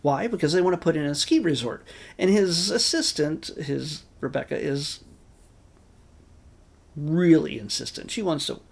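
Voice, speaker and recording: A man's voice: on the high side, unhurried, gravelly, darkish tone. A man giving a casual, rambling spoken review of a film, with wry asides and many restarts. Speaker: movie reviewer.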